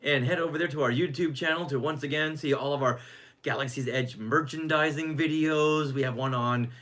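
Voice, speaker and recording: A man's voice: fairly high pitch, steady tone, fairly quick, fairly bright tone. A man co-hosting a podcast, chatting casually and sometimes tripping over and repeating his words. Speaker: podcast co-host.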